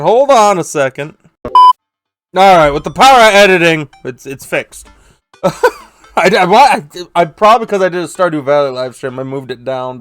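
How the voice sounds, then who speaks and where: Playful young man gaming, higher voice. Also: animated, moderate pace, a bit bright, no room sound, soft background music. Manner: playful, laughing asides. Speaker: gaming YouTuber. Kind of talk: let's play commentary.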